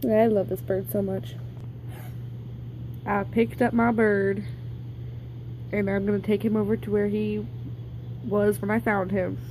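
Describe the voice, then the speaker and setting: A woman's voice: mid-range voice, flat delivery, unhurried, long pauses, dark tone, a little hiss or hum, rough recording. A young woman vlogging outdoors, talking in a playful, doting, mock-dramatic way. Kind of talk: casual outdoor vlog.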